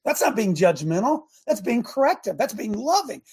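A man's voice: high-pitched, sing-song, moderate pace, hardly any pauses, darkish tone, breathy edge. A middle-aged man hosting a show and preaching a conversational sermon, fervent and often checking that listeners follow him.

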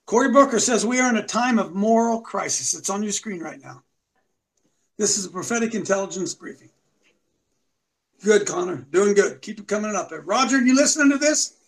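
A man's voice: sits high, expressive, fairly quick, low-quality recording. A man hosting a show, giving combative, mocking commentary. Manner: preachy, mocking, rising to shouts. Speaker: show host.

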